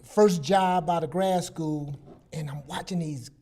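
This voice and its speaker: A man's voice: fairly high pitch, a little slow. A man in his sixties, a guest psychologist, telling personal stories in casual chat and acting out the lines he quotes. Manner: animated storyteller, acts out quoted dialogue.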